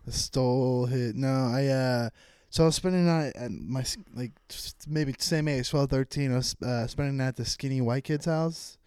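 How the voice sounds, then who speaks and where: A man's voice: medium pitch, normal speed, few pauses, darkish tone, clear, resonant tone, dry recording, clean studio sound. A young man co-hosting a podcast, joking crudely and teasing, laughing often. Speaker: podcast co-host. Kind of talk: casual banter.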